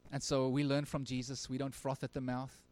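A male pastor preaching a sermon at a church service, earnest, swinging from emphatic lines to very quiet ones. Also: medium pitch, monotone, fairly quick, no echo.

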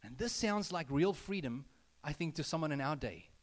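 A man's voice: on the high side, expressive, moderate pace. A man preaching a sermon in a conversational way, with asides to the congregation and rising emphasis on key points. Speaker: pastor. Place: church building.

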